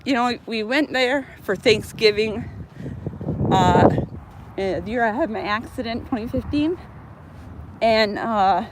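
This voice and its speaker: A woman's voice: on the high side, measured pace, pauses often. A woman from North Dakota with a slight Upper Midwest accent, chatting on a live stream with rambling talk full of fillers and restarts. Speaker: vlogger co-host. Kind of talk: casual live-stream chat. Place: outdoors on a beach, then in a car. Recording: noisy live phone stream.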